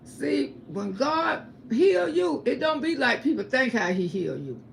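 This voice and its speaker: A woman's voice: high voice, big pitch swings, measured pace, creaky, slight background noise. A woman giving an emphatic, repetitive religious testimony on a livestream. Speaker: livestream host.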